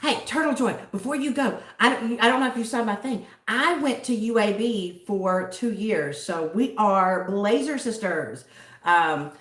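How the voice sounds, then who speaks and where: A woman's voice: medium pitch, lively intonation, a little slow, a bit bright, reverberant. A Southern American woman hosting a livestream, chatting casually and giggling as she greets viewers by name. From southern United States. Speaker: livestream host.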